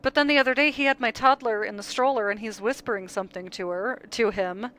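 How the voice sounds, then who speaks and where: A young mother co-hosting a casual chat, telling lively stories and acting out the quotes. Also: a little high, quick pace, poor audio. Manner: lively storyteller, acts out quotes. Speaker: podcast co-host.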